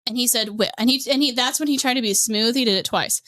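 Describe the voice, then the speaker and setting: A woman's voice: fairly high pitch, quick pace, a bit bright. A woman hosting a podcast, ranting in a blunt, profane and sarcastic casual way. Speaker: podcast host.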